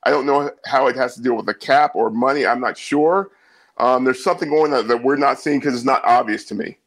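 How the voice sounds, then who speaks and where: A man giving his take on football as a guest analyst, measured, with many fillers and repeats. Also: mid-range voice, fairly bright tone, poor audio. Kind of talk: casual sports talk.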